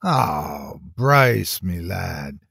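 A man's voice: medium pitch, sing-song, unhurried, gravelly, no room sound, clean studio sound. A man playing a blustery old police chief. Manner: pushy, bargaining. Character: gruff older male police chief, blustery.

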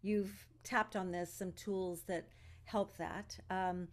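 A woman's voice: medium pitch, steady tone, slow. A woman hosts an interview in a mid-range voice. She responds with encouraging affirmations and leads into her next question. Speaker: host, co-artistic director. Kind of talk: interview conversation.

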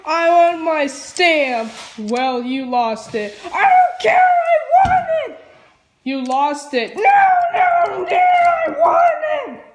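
A woman voicing a whiny little boy race car throwing a tantrum, pleading and sobbing loudly. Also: high voice, takes it slowly, hardly any pauses, echoey room, a little hiss or hum. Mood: demanding. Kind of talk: fan parody voice acting.

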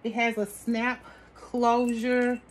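A woman's voice: a little high, flat delivery, slow. A woman vlogging an unboxing of a haul, gushing over each item and talking to her viewers as sis and y'all. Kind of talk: product unboxing chat.

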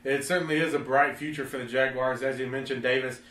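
A man's voice: medium pitch, fairly even intonation, quick pace, fairly bright tone, distant mic. Male sports show host, scripted reads, roomy echo, set back from mic. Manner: smooth, reads lines and asks questions. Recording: echoey, a bit off mic.

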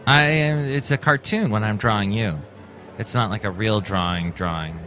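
A man's voice: fairly low pitch, normal speed, a bit bright, faint music behind. A man hosting a comedic solo podcast who talks in a playful, rambling, chatty way. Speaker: podcast host.

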